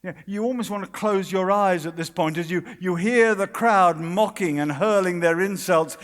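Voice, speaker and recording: A man with a British accent preaching a sermon at a conference, earnest and dramatic, dropping to a hush at key moments. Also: sits high. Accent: British English. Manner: earnest, dramatic, with hushed pauses and quoted voices. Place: conference hall. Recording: long hall reverb.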